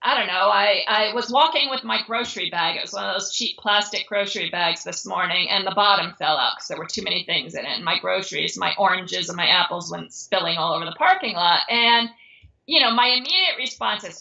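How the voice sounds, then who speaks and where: A woman's voice: medium pitch, fairly quick, gravelly, pushed and bright, dull audio. A woman guest in a casual conversation, speaking earnestly and reflectively, often restarting her sentences.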